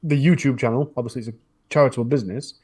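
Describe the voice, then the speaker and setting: A man's voice: mid-range voice, very fast, darkish tone, husky. A man with a Northern English accent, chatting casually on a podcast about his true crime channel, telling stories in a rambling way with many restarts. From northern England. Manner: rambling storytelling with frequent restarts.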